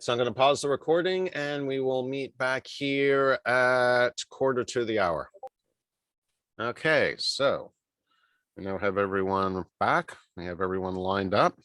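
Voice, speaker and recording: A man's voice: medium pitch, a bit bright, no room sound. A man acting as game master, laying out the scene and running the session in a matter-of-fact way. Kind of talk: narrating a tabletop game.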